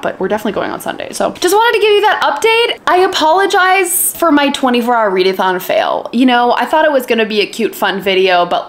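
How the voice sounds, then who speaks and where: A woman in her late twenties chatting casually to camera about books for her home vlog, expressive and sprinkled with "like" fillers. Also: a little high. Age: late 20s. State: tearful and emotional at times. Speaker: book vlogger.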